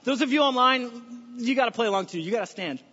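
An American pastor delivers a lively, conversational sermon with a fairly high voice. His words ring out in a large church sanctuary with a long reverb tail, and the recording sounds dull and muffled. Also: a little fast, slightly rough. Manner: energetic, conversational preaching with folksy asides.

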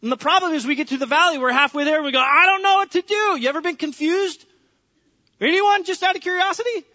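A man's voice: very high-pitched, fast, pushed and bright. A pastor preaching a sermon to his congregation, acting out the voices of people praying and talking with the people in the room. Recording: echoey hall, dull lo-fi sound.

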